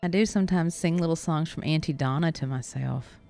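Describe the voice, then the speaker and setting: Woman, comedy talk co-host, deadpan irreverent banter, low voice, dry close sound. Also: a little fast, creaky, no echo, faint music behind. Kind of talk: casual comedic chat.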